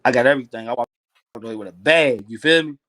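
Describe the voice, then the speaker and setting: Laid-back Kentucky rapper, dry close sound. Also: male voice, medium pitch, fast talker, fairly bright tone, dry recording. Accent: Kentucky Southern. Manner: laid-back slangy storytelling. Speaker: rapper guest. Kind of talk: casual interview chat.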